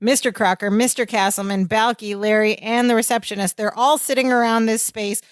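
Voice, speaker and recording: A woman's voice: on the high side, a little fast, smooth, no echo. A woman co-hosting a podcast, giving a casual play-by-play recap of a sitcom episode and acting out the characters' lines. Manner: animated play-by-play retelling with acted-out quotes. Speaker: podcast co-host.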